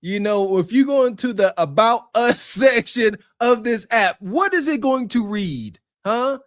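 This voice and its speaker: Male podcast co-host, higher register, emphatic lecturing delivery, dry mic. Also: expressive, measured pace, few pauses, dry recording. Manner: preachy, laughing, emphatic. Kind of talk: casual podcast commentary.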